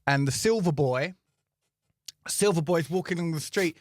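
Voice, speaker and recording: A man co-hosting a comedy podcast, telling an anecdote in a casual, animated way and acting out the people in it. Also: a little high, moderate pace, no echo, clean studio sound. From England. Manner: animated, acts out voices in anecdotes. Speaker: podcast co-host.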